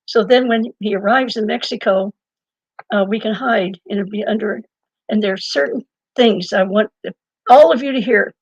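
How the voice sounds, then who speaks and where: Creaky-voiced older woman telling stories. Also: medium pitch, normal speed, no room sound, highs cut off. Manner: lively, laughs mid-story, many restarts. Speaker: interview guest and author. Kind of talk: conversational storytelling.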